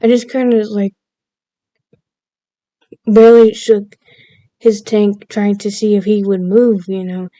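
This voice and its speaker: Mellow-voiced woman rambling through a story. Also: mid-range voice, flat delivery, slow pace, pauses often, dry recording. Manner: chatty, laughs at her own story, playfully overdramatic. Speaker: vlogger.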